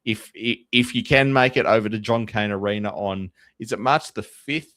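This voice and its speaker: Aussie bloke hosting a footy-style pod, deep voice, dry sound, super chatty. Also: male voice, moderate pace, a bit bright, no room sound. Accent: Australian. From Tasmania, Australia. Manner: chatty, fan-like, with fillers. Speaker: podcast host. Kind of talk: casual sports podcast chat.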